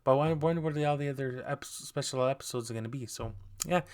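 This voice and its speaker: Male podcast host, smooth clear voice, mid pitch, rambling casual recap. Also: fast, darkish tone. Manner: rambling, many fillers and restarts.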